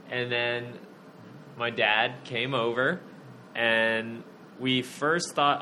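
A man's voice: mid-range voice, measured pace, bright, forceful tone, slight background noise. Blunt, opinionated man on a podcast. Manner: blunt, opinionated, laughs often. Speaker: podcast co-host. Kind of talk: casual podcast chat.

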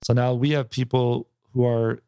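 A man in his thirties talks comedy in a loose, rambling way, often restarting and throwing in "bro". He sounds tired from a poor night's sleep. His voice sits at a medium pitch and is recorded dry and close. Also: little pitch movement, normal speed, creaky, warm tone, smooth, no echo. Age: 30s. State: tired, yawning. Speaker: stand-up comedian. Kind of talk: casual podcast chat.

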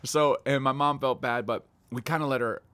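A middle-aged man telling family stories in a casual chat, animated and laughing often. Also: normal speed, a little hiss or hum. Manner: animated storytelling, laughing, voice jumping high for quotes.

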